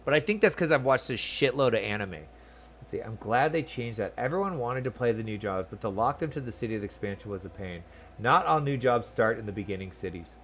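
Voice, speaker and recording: A man casually commentating his game session, chatty and excitable, often reading the on-screen text aloud. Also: medium pitch, quick pace, a little hiss or hum. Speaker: game streamer. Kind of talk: let's-play commentary.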